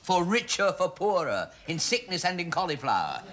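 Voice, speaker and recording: An actor in his forties plays a meek, fussy grown son in a studio sitcom, sounding flustered and apologetic. His full character voice is high and a bit bright, with wildly swooping pitch at a moderate pace. The rough recording includes studio audience laughter.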